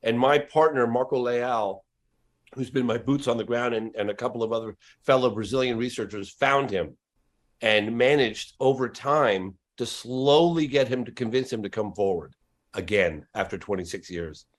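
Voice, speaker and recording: A man's voice: medium pitch, normal speed. A man who is a documentary filmmaker, talking as a guest in a casual podcast interview with emphatic, insistent stress on his words.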